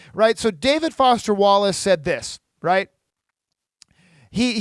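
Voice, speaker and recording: High-voiced man hosting a podcast. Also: a bit bright, dry recording. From United States. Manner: chatty, keeps asking "right?". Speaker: podcast host, financial planner. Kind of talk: casual solo podcast talk.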